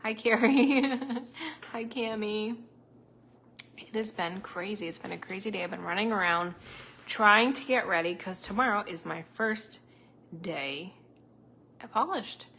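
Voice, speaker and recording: Chatty, bright-voiced woman streaming live. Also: medium pitch, measured pace, pauses often, slight background noise. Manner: rambling, chatty, laughs often. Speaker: psychic medium host. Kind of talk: casual live-stream chat. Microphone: close to a camera.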